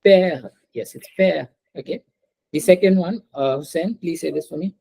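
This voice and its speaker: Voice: medium pitch, moderate pace, creaky, mellow, breathy edge, rough recording. A teacher giving an online French class over a video call, patiently repeating words and calling on students.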